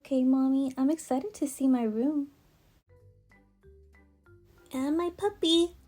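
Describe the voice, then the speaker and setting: A woman's voice: sits high, slow pace, dark tone, faint music behind. A woman voicing an eager little girl doll in a toy play video.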